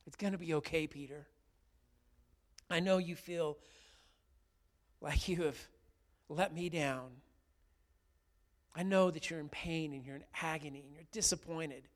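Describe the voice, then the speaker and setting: A man preaching, voicing a tender, forgiving teacher who speaks gently to a grieving follower. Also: on the high side, a little slow, long pauses, lightly acted. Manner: gentle, pleading, repeats the name softly.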